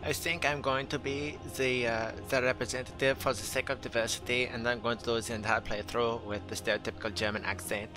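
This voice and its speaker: A man's voice: mid-range voice, flat delivery, brisk, few pauses, over music. A man casually commentating his mech game playthrough, chatty and joking, talking back to the game. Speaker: gaming channel host. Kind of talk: let's play commentary.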